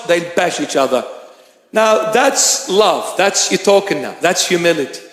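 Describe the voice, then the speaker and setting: A man preaching as bishop in a church, impassioned, acting out little scenes and rising to shouts. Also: fairly high pitch, animated, a little slow. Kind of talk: sermon. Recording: echoey hall reverb.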